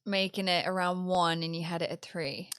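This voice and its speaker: A woman's voice: fairly low pitch, fairly even intonation, normal speed, fairly bright tone, clear, resonant tone, dry recording, studio quality. A young Irish woman co-hosting a podcast, chatting casually and laughing at herself. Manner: chatty, self-deprecating, laughs often. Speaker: podcast co-host. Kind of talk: casual chat.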